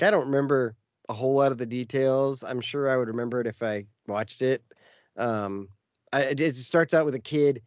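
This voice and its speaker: A man's voice: mid-range voice, darkish tone, no echo, highs cut off. A man co-hosting a podcast, telling a long story in casual chat with lots of fillers. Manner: rambling storytelling with many fillers. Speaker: podcast co-host.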